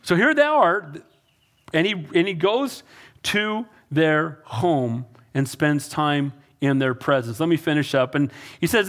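A male pastor delivers a sermon in a notably high voice. He preaches emphatically, driving points home through repetition and calls to the congregation. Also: lively intonation, unhurried, fairly bright tone.

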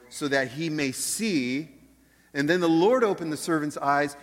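Male pastor, sermon, earnest, soft dips and loud rises, slightly high voice, long church reverb. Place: church sanctuary.

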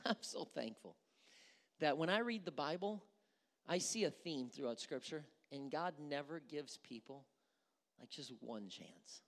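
Lively preacher in an echoing sanctuary. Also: mid-range voice, measured pace. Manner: animated storytelling, acting out quotes; repeats words while thinking aloud. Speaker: pastor. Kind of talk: sermon. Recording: long hall reverb.

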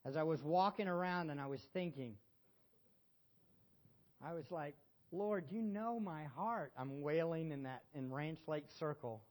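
A middle-aged man preaching a sermon in a church, swinging between loud exhortation and hushed emotion and asking the congregation questions. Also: on the high side, steady tone, normal speed, pauses often. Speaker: pastor.

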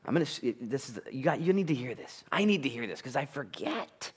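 A man preaching a sermon at a church, conversational and animated, full of asides and rhetorical questions. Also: mid-range voice, brisk, breathy edge. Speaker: pastor.

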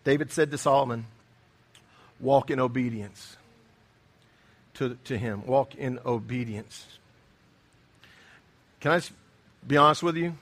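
A man's voice: mid-range voice, a little slow, pauses often, a bit bright. A middle-aged man preaching a sermon, earnest and emphatic, often repeating his key phrases. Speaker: pastor.

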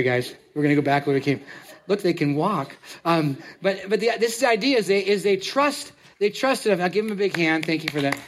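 A man preaching a sermon as pastor to his congregation, talking in a halting way and often repeating words as he tells a story. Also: high-pitched. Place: church sanctuary.

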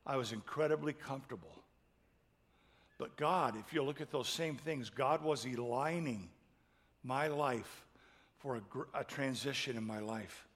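A middle-aged man preaching a sermon, telling a personal story in an emotional way that builds to loud, impassioned peaks. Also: mid-range voice, unhurried, big-room sound. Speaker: pastor.

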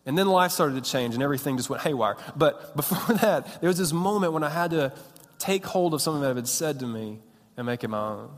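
A man in his thirties delivers a sermon through lively, punchy storytelling and pokes fun at himself. His voice sits a little high. A long reverb trails behind him, as in a large hall. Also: fast talker. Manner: animated storytelling, self-mocking and punchy. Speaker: pastor.

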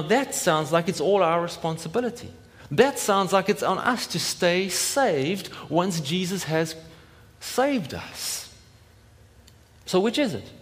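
A man preaching in a relaxed, chatty manner, acting out the voices of imagined listeners. His voice sits somewhat high for a man. It rings with a long reverb, as in a church hall. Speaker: pastor. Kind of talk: sermon.

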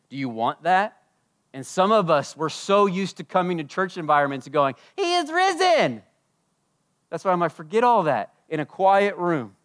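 A man preaching a sermon at a church service, impassioned, swinging between loud declarations and hushed asides. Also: medium pitch. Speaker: pastor.

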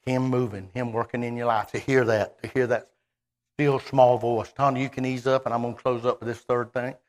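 A man preaching a sermon, animated and conversational, voicing God in quoted speech. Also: medium pitch, brisk.

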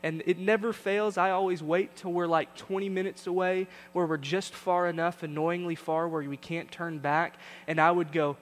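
A man's voice: high voice, steady tone, brisk, hardly any pauses, fairly bright tone, long reverb tail. A young adult male pastor preaching a sermon, telling a family story with acted-out voices and building to emphatic points.

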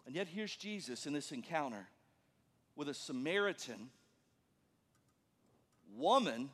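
A male pastor with a notably high voice preaches with animated energy, sometimes acting out the people he quotes. His voice rings with a long reverb through a church hall. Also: measured pace, slightly rough. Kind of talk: sermon.

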